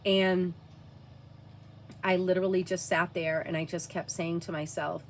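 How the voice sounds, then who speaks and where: A woman telling a personal story to camera, earnest and halting, dropping to a hushed near-whisper at times. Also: fairly low pitch, level tone, slight background noise. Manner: earnest, frequent "like" fillers.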